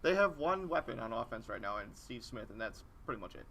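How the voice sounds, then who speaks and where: A young man co-hosting a casual sports podcast, setting up the questions with quick, stumbling restarts. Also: mid-range voice, sing-song, vocal fry, a bit bright, slight background noise. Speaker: podcast co-host leading the segments. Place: campus TV studio.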